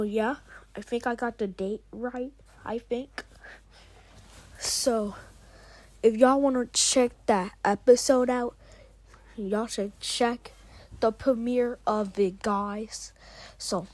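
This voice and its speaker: A woman's voice: fairly high pitch, a little mellow, no echo. A woman voicing a homemade role-play series and talking casually to viewers in a slangy, rambling way.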